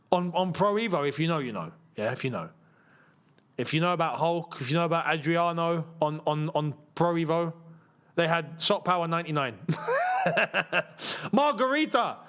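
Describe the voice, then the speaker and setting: A young man hosting a live football watchalong, chatting casually and reacting loudly to chances on the pitch. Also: clear, resonant tone. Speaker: football channel host. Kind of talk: live match watchalong chat.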